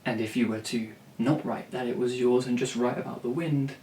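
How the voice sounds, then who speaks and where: With fairly even intonation and a darkish medium-pitched voice, a man rambles about songwriting at normal speed. He's blunt, curses freely and restarts a lot. Picked up from a distance in a roomy space, the audio carries faint ambience and slight background noise.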